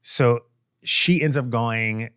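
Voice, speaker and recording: A man's voice: medium pitch, takes it slowly, smooth, no echo, studio quality. A man guest-hosting a casual show, telling a long, profane story and acting out the people in it. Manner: animated, profane storytelling with quoted voices. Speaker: guest co-host.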